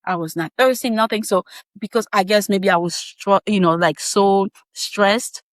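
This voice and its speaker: A woman guest on a podcast, telling a personal story in a casual, animated way with frequent laughs and quick asides. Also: mid-range voice, no room sound.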